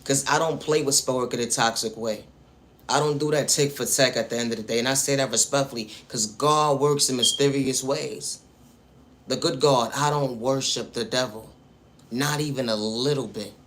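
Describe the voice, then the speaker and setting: A man's voice: medium pitch, normal speed, fairly bright tone. A man delivering a preachy motivational monologue about faith and self-worth, speaking straight to the viewer and returning again and again to the same refrains. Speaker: spiritual vlogger.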